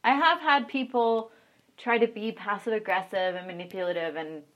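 A woman's voice: mid-range voice, normal speed, a bit bright, dull audio. A young woman chats casually and frankly, telling stories about her work as an online content creator. Her talk is loose and full of fillers. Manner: chatty, frank, many fillers. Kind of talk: casual storytelling chat.

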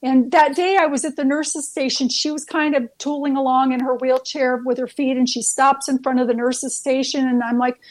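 A woman's voice: high voice, level tone, normal speed, hardly any pauses. A nurse, a woman, earnestly telling heartfelt stories as a guest, with frequent fillers and restarts. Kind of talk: storytelling guest on a talk show.

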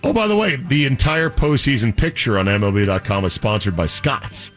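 A man's voice: mid-range voice, sing-song, brisk, soft background music. A man hosting a sports talk show, teasing his co-hosts in a casual, jokey way. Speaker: sports radio host.

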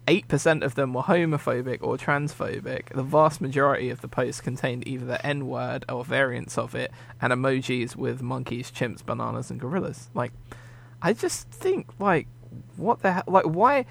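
A man's voice: medium pitch, moderate pace, gravelly, fairly bright tone. A man co-hosting a podcast in casual chat. He sounds exasperated and often restarts with repeated words. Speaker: podcast co-host.

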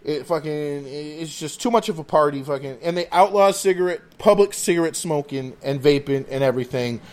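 A man's voice: fairly high pitch, brisk. A man hosting a podcast, telling rambling, profane stories in casual chat. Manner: profane, rambling, animated storytelling. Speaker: podcast host.

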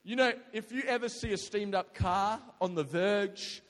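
A young man tells a story to a listening crowd in a lively, slangy way, breaking into loud outbursts. His voice sits high for a man. The sound rings with a long hall reverb. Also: normal speed. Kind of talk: casual storytelling to an audience.

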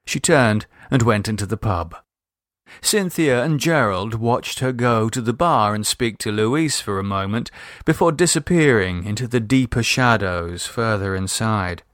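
A man reading an audiobook aloud in an expressive storytelling manner. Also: fairly low pitch, a little slow, no echo, studio quality. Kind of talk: scripted audiobook narration.

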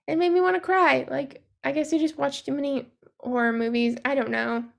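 High, gravelly young woman chatting. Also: steady tone. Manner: chatty, profane, quick asides, acts out characters' lines. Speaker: podcast co-host. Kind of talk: casual chat recapping a movie.

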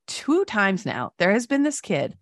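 A woman co-host tells stories in a loose, chatty way, slipping into voices for the people she quotes. Her pitch sits in the middle range and the sound is dry and close, with no room around it. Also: measured pace, no echo. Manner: animated storytelling with voiced quotes. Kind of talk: casual chat, reading news stories.

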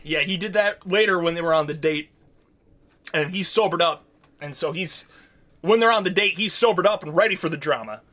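A man's voice: on the high side, a little fast, sharp tone. A man co-hosting a podcast, recapping a show in casual, profane, rambling chat and acting out quotes. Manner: rambling, profane, acts out quotes in silly voices. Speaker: podcast co-host.

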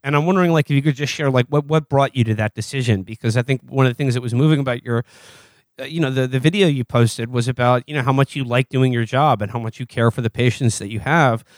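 A man hosting an interview, asking long halting questions full of "like" and restarts. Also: medium pitch, dry recording. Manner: halting, many "like" fillers and restarts. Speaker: interviewer host. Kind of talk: conversational interview.

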